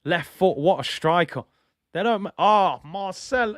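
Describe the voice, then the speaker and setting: A young man chatting through a live football watch-along, excitable and nostalgic, full of slangy banter. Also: high voice, measured pace, no room sound.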